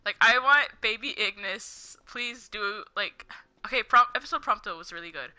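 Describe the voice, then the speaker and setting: A young woman with a very bright, sharp voice talks casually while she plays a game. She rambles and rants, laughs often, and says "like" constantly. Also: medium pitch, animated, moderate pace. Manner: giggly, heavy use of "like", ranting. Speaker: gaming streamer. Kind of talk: casual gameplay commentary, rambling.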